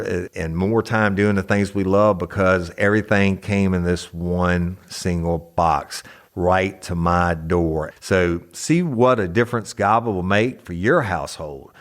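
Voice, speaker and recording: Lowish guy doing a folksy, pumped-up ad read. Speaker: host reading an ad. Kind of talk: casual ad read.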